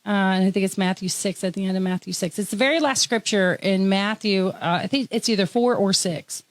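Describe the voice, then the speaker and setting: A woman from Tennessee hosting a casual interview, chatty and quick to laugh. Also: mid-range voice. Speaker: host.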